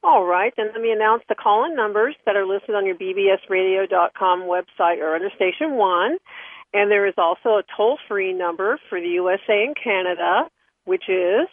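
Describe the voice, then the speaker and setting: A woman's voice: mid-range voice, dry recording. Woman co-host on a tinny phone line. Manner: friendly, hesitant, with many fillers. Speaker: radio co-host. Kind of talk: casual radio talk and announcements.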